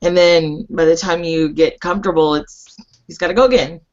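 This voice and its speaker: A woman's voice: lowish voice, steady tone, normal speed, a little mellow. A woman chatting casually and sympathetically with a friend who is venting. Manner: sympathetic, laughs along. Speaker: podcast co-host. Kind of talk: casual supportive chat. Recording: dull lo-fi recording.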